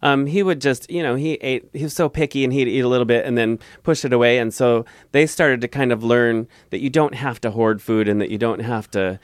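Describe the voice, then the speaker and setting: An earnest man speaks as a guest, warm and heartfelt as he rambles through a long personal story. His voice is smooth and resonant at a middle pitch. The sound is dry and close, with no room around it. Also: fairly quick, few pauses, dry recording. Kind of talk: casual interview storytelling.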